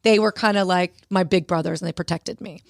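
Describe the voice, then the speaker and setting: A woman, an author and guest on a radio show, telling lively stories and acting out the dialogue. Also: fairly low pitch, brisk, vocal fry, dry recording, studio quality. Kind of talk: conversational interview storytelling. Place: radio studio.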